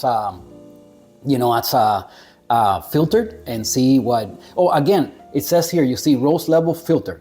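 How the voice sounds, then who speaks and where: A relaxed man chats to his viewers about a coffee he is tasting. His voice is mellow and rather dark, and he laughs easily and trips over names he does not know. Faint music plays underneath. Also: a little high. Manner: laid-back, chuckling, stumbles over names. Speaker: coffee reviewer. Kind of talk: casual talk to camera.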